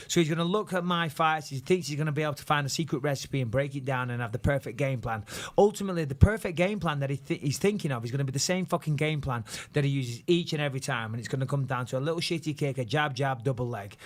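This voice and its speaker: A man hosting a podcast in a studio, chatting casually and telling stories in a boastful, animated way, swearing freely. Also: a little high. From England. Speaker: podcast host.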